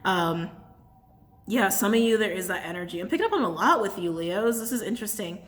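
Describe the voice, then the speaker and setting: A woman's voice: medium pitch, expressive, brisk. A woman doing a casual channeled tarot and crystal reading to her camera, chatty and blunt, laughing often.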